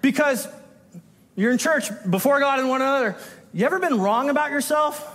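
Male pastor, conversational sermon delivery, high-pitched, long church reverb. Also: moderate pace, a bit bright. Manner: conversational, self-interrupting, acts out quoted voices. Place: church sanctuary.

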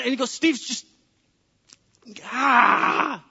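Animated man preaching a sermon. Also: fairly high pitch, normal speed, dull audio. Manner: animated storytelling, acts out dialogue with God. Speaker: pastor.

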